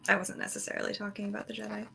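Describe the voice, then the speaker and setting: A woman playing in a tabletop game, speaking in character in a measured, gentle way with hesitant restarts. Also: mid-range voice, monotone, creaky, slight background noise. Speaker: player. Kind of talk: tabletop role-play in character.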